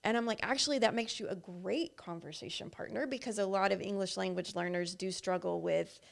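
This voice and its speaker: Woman, gravelly fry voice, chatty, casual guest talk, lots of fillers. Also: medium pitch, brisk. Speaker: guest from an adult learning program. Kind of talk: casual live-stream chat.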